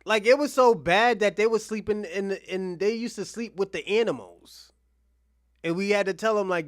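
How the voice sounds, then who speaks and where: A man's voice: high voice, normal speed. A man hosting casual commentary on clips, laughing often and swearing freely. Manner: laughing often, profane, animated. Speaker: host.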